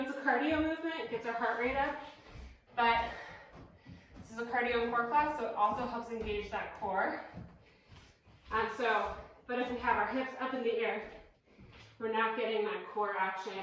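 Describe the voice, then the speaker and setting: A panting woman runs a cardio class, counting down each move and chatting between sets. Her voice sits a little high. She sounds far from the mic, in a very echoey room with a faint hiss underneath. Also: fairly bright tone. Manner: upbeat, counts down reps, chatty asides. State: out of breath. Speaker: fitness instructor. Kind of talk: live workout class cueing. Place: indoor room at home, evening workout.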